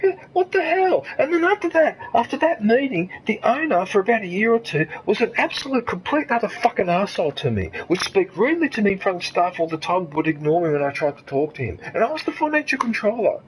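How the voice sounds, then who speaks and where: A man's voice: high-pitched, sing-song, fast, few pauses, slight background noise, low-quality recording. An Australian man streaming a game and ranting angrily, with lots of swearing and rhetorical questions. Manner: angry, profane, ranting. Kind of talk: ranting commentary over gameplay.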